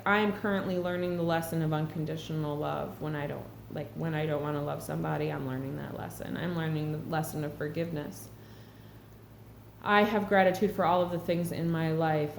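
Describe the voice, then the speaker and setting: A woman's voice: deep voice, creaky. A woman talking earnestly and reflectively to camera in a casual spiritual vlog. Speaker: spiritual vlogger. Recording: echoey room with faint background hum.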